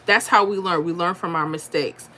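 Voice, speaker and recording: Her voice is fairly low, bright and forceful, and she speaks at a moderate pace. As host of a lottery livestream, she chats casually, reads viewer comments aloud and works through number patterns out loud.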